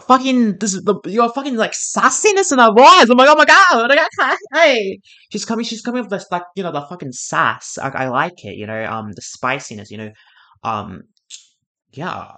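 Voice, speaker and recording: A woman's voice: fairly low pitch, moderate pace. A woman hosting a reaction video, talking casually with lots of swearing, fillers and restarts. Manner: excitable, swears a lot, many fillers and restarts.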